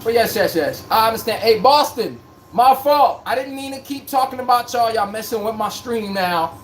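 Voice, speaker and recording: Over slight background noise, a man with a very high-pitched voice and lively intonation speaks at a moderate pace. He hosts a live sports podcast stream, chatting casually in a joking, rambling, slangy manner.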